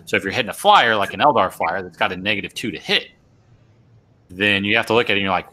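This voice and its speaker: A man's voice: fairly low pitch, fast talker, bright, forceful tone. A man hosting a casual live show about tabletop wargaming, explaining tactics step by step and often repeating his words.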